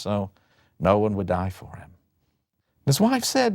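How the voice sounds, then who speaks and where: A man giving a lecture on a classic Greek play, telling the story in an animated, dramatic way. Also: mid-range voice, moderate pace, dry recording, clean studio sound.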